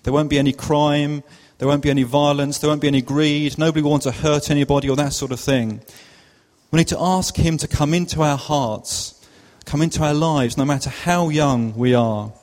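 A man voicing an earnest male evangelist who gently coaxes a child toward prayer with persuasive questions. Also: a little high, steady tone, normal speed, close to an everyday voice. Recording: long hall reverb.

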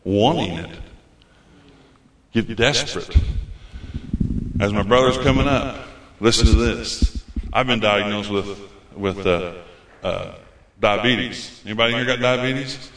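A man preaching with fervor in a folksy, repetitive way. His voice is bright and forceful. It rings out through a roomy church hall. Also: on the low side, slow. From United States. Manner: folksy, repeats phrases, fervent. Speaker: visiting preacher. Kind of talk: sermon.

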